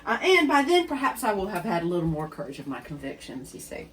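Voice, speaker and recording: A woman's voice: lowish voice, wildly swooping pitch, fast talker, recorded from a distance. A woman hosting a home cooking demonstration, chatty and self-deprecating, talking straight to her viewers. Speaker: cooking show host. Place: home kitchen.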